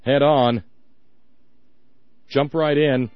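A man's voice: a little high, sing-song, brisk, no echo, highs cut off, faint music behind. A man hosting a political call-in radio show, ranting in a sarcastic, mocking way. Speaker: radio talk show host.

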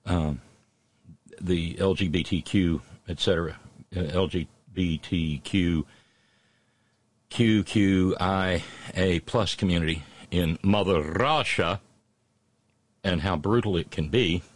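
Brief: slow, sardonic male monologue, rambling with restarts, dry and close. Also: deep voice, dry recording. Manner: halting, many restarts and fillers.

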